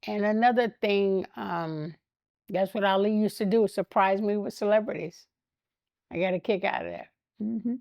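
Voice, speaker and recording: An older woman, a guest in an interview, telling animated stories and acting out the voices of the people in them, often breaking into laughter. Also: mid-range voice, moderate pace, gravelly, no echo, clean studio sound. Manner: animated anecdotes, laughs often, acts out quotes. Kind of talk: storytelling interview.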